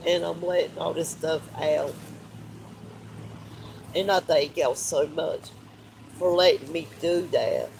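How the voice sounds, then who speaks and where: Tearful man, slow and gravelly. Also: a little high, fairly even intonation, a little hiss or hum, low-quality recording. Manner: tearful, heartfelt, repeats himself. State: crying. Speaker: live streamer. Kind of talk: emotional live stream talk.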